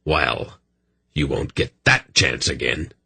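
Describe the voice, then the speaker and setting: A man voicing a betrayed smith who speaks in a dreadfully quiet, cold voice. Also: very deep voice, slow, gravelly, slightly rough, full character voice. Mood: quietly furious. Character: angry, betrayed male smith.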